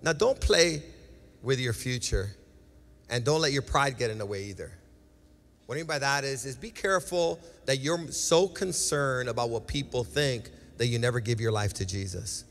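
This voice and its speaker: A man's voice: medium pitch, moderate pace, a bit bright. A male pastor preaching a passionate sermon and altar call, pleading with his listeners and acting out their voices. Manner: passionate, repetitive exhortation with acted quotes. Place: large church sanctuary. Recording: reverberant church hall with music.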